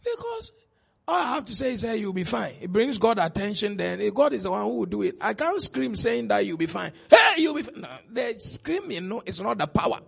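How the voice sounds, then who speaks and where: A middle-aged man with a Ghanaian accent preaching a sermon as pastor, swinging between soft asides and shouted exclamations, laughing often. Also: high-pitched, sing-song, brisk, vocal fry, slightly rough.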